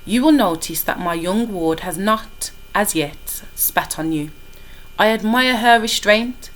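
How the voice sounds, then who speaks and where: A woman reading aloud as a stiff English gentleman who speaks with dry, formal irony. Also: medium pitch, animated, unhurried, close to an everyday voice, rough recording.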